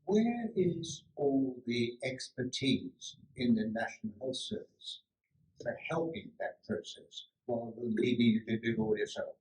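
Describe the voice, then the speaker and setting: Man asking a measured question. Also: medium pitch, darkish tone, rough recording. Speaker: audience member.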